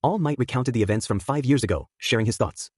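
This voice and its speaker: A man narrates a fan fiction piece quickly in a voice that's husky, a bit rough, and a little mellow, with an expressive delivery. Character dialogue gets a higher pitch than the narration. The audio is close and dry with no room sound.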